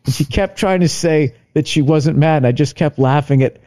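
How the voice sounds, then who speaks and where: A middle-aged man, a stand-up comedian, telling a story casually on a podcast, profane and animated as he acts out both sides of an argument. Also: fairly high pitch, normal speed.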